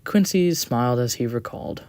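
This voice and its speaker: A storyteller reading an audio story aloud, expressive with the odd small slip. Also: mid-range voice, normal speed, no echo.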